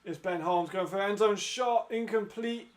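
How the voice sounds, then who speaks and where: A man with a high voice calls an American football game as he watches it. He is excitable, quick to laugh and swears freely, moving between play calls and loose chat. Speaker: football watch-along host. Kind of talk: excited live commentary and chat.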